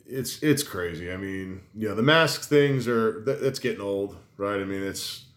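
A man's voice: fairly low pitch, moderate pace, fairly bright tone. A man chatting casually on a podcast, rambling and emphatic, swearing, with many restarts. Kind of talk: casual chat. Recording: roomy echo.

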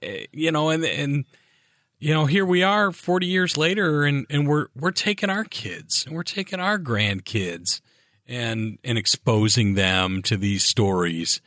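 A man's voice: mid-range voice, animated, unhurried, sharp tone, no echo, clean studio sound. A man co-hosting a podcast, speaking earnestly and reflectively in casual chat, often restarting his sentences. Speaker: podcast co-host.

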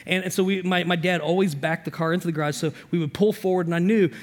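Animated pastor telling a story in a hall. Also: male voice, high voice, quick pace. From Indiana. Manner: animated storyteller, shifting loud and soft, acts out dialogue. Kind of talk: sermon with personal story.

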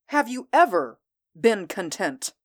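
A woman voicing a proud, ambitious warrior queen in a commanding, deliberate reading. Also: mid-range voice, big pitch swings. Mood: proud, defiant. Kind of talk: audiobook dialogue reading.

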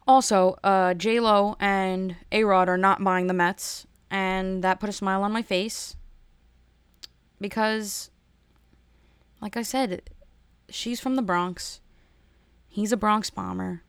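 A woman, ranting in a sarcastic, animated monologue that jumps between topics. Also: medium pitch, no echo.

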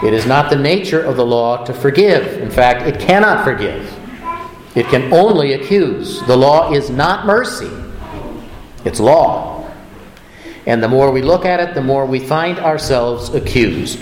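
A man delivers a sermon at an unhurried, deliberate pace, pressing each point and putting questions to his listeners. His voice sits at an ordinary middle pitch. It rings with the echo of a large room, as though spoken from a church pulpit. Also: expressive. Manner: slow, emphatic, asks the audience questions. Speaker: preacher. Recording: roomy echo.

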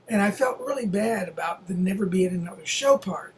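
An older theater producer recounts a story from a long career in a relaxed, conversational way. The telling wanders with fillers and restarts and keeps breaking into quoted dialogue. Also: medium pitch, fairly quick, a little hiss or hum, low-quality recording. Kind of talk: anecdotal storytelling.

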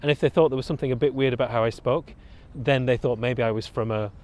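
A man's voice: mid-range voice, steady tone, fast, a little mellow. A middle-aged man from Bolton with a northern English accent, chatting as an interview guest, thoughtful and prone to restarting his sentences. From Bolton, England. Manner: thoughtful, with frequent restarts and self-corrections. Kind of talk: casual conversational interview.

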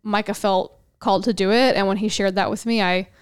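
A woman's voice: medium pitch, steady tone, a little fast, clean tone. A woman co-hosting a faith podcast, talking earnestly and reflectively in long flowing runs. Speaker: podcast co-host. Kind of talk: casual faith talk.

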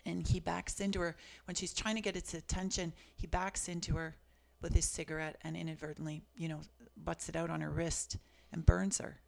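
She talks briskly with hardly any pauses, her lowish voice creaky and level in tone. In her fifties and from Canada, this author is a guest sharing personal stories with soft-spoken, earnest reflection.

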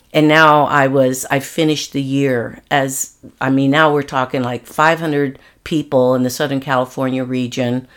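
A middle-aged woman being interviewed, recounting her working life in an earnest, reflective way with frequent restarts. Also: extremely low pitch. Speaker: interview guest. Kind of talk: candid personal storytelling.

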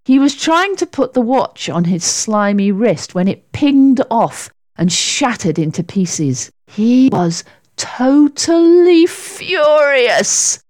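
A woman narrating a children's storybook with an expressive, deliberate delivery. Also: medium pitch, no room sound.

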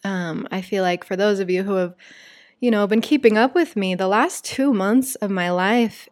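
Alone on her podcast, this host speaks in a medium-pitched, darkish voice. She's chatty and confiding with her listeners, sprinkling in plenty of "like" and "you guys."

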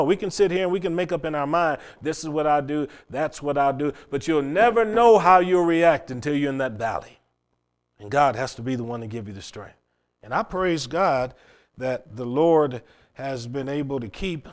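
Stammering preacher telling a sermon story. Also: male voice, fairly high pitch, normal speed. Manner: animated storytelling with frequent stammered restarts.

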